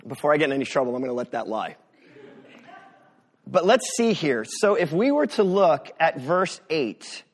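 Husky man preaching a casual sermon. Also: a little high, sing-song, moderate pace. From US Northeast. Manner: conversational, sarcastic asides. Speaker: pastor.

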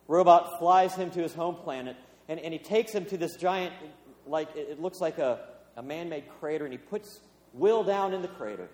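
Male pastor, somewhat high voice, chatty storytelling sermon, roomy church reverb. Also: normal speed, darkish tone. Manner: conversational storytelling with fillers. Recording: echoey hall with long reverb.

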